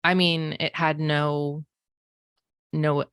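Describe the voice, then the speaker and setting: In a low, level voice with a slightly bright, clean tone, a woman in her forties tells a personal story very slowly. She's a podcast host and psychic medium whose chatty style is full of "like" and "um." The clean studio sound has no room tone.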